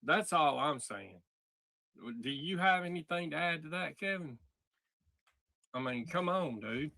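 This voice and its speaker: A man's voice: a little high, expressive, unhurried, vocal fry, sharp tone, dry recording. A man hosting a livestream, talking bluntly and heatedly with plenty of swearing. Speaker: livestream host. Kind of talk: casual livestream commentary.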